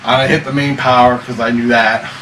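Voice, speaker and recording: A man's voice: mid-range voice, steady tone, brisk, a bit bright. A man telling a wild personal story in a casual interview, swearing, laughing often and acting out voices. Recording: echoey room, far from mic, noisy.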